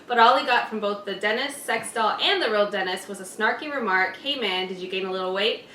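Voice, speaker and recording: A woman's voice: medium pitch, fairly quick, pushed and bright. A woman hosting a reaction channel, reading viewer comments aloud in a chatty way. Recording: echoey room, distant mic, faint noise.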